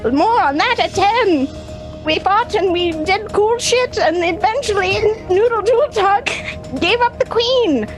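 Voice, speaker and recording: A woman playing a brisk old-timey news announcer, reading a game recap in a mock-formal newsreader style with dry asides. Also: very high-pitched. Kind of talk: comic recap in character.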